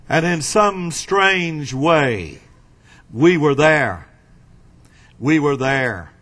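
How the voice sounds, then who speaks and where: A man preaching a sermon in a slow, emphatic way, with dramatic swings between loud and quiet. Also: on the high side, animated.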